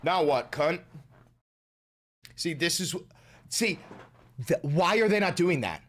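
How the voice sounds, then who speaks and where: A man streaming a reaction, shouting and swearing as he talks over a clip. His voice sits high and swings widely in pitch, loud and unfiltered. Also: lively intonation, slow pace. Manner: shouting, vulgar, ranting. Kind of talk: profane live reaction commentary.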